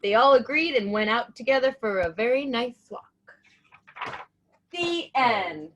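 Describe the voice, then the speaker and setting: A woman hosting and reading a children's picture book aloud in an enthusiastic, animated way. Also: on the high side, a little slow, a little hiss or hum. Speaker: storybook reader and host.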